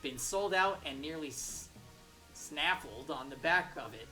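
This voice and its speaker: A woman doing a gruff street-urchin girl thief. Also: sits low, expressive, measured pace, sharp tone, soft background music, heavily acted, poor audio. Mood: defiant. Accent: mock Texas drawl. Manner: gruff, clipped slang. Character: tough street-urchin girl pickpocket, defiant and distrustful.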